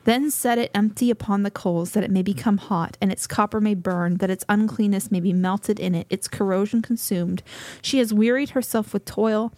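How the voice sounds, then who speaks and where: A woman's voice: mid-range voice, no room sound. Breathless woman reading scripture aloud. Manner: measured, steady scripture reading. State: a little out of breath.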